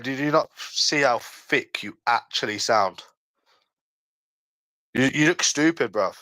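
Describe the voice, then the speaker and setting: A man's voice: mid-range voice, fairly bright tone, smooth, no room sound, poor audio. Defensive young London man, dry sound. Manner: defensive, argumentative, slangy, repeats himself. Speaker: livestream host. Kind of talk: casual livestream chat.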